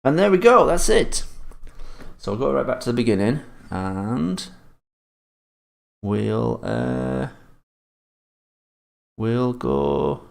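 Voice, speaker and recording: Man, gravelly, mid-pitched, live-stream quiz host, casual swearing. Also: sing-song, slow pace, long pauses. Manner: swears often and teases the chat. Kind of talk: live-stream chat reading.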